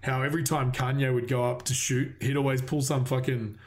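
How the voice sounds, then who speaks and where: A man in casual conversation, telling an anecdote with lots of swearing and quick quoted voices. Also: mid-range voice. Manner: swears a lot, animated storytelling with quoted voices. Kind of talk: casual chat.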